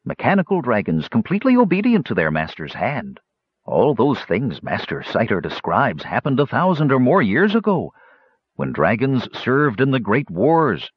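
A man reads as an ancient male dragon, polite and unhurried, with a husky, dry voice. The recording is dull and lo-fi. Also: mid-range voice, huge pitch swings, dry recording. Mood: courteous. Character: ancient wise male dragon host, courteous.

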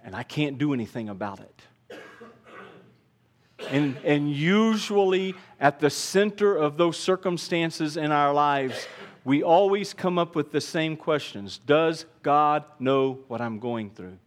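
A man preaching a sermon as pastor, earnest, dropping quiet and then rising to emphatic repeated lines. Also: on the high side, lively intonation, measured pace.

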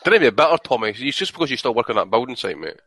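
A man's voice: medium pitch, very animated, very fast, a bit bright, no echo. A Scottish man chatting casually with friends, teasing them and stumbling over his starts. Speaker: podcast panelist. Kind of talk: casual chat.

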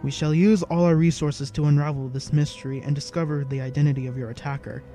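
A man voicing a stern, authoritative male council leader who speaks in a brisk, commanding way. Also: on the high side, little pitch movement, warm tone, soft background music, natural voice.

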